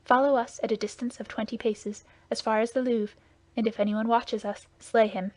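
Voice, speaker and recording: A woman voicing a composed, commanding foreign nobleman in a lowered, even voice. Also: moderate pace, no room sound, lightly acted.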